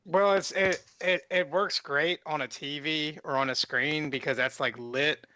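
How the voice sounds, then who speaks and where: A man's voice: on the high side, steady tone, unhurried, bright, forceful tone. A man co-hosting a podcast, chatting casually and joking about toy collecting. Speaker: podcast co-host. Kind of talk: casual chat. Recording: dull lo-fi podcast audio.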